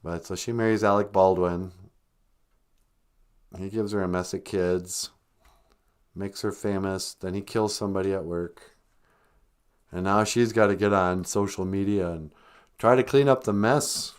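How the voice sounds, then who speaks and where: A man's voice: deep voice, steady tone, measured pace, pauses often, clean tone. A man hosting a live-stream comedy podcast, rambling sarcastically with lots of fillers. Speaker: podcast host.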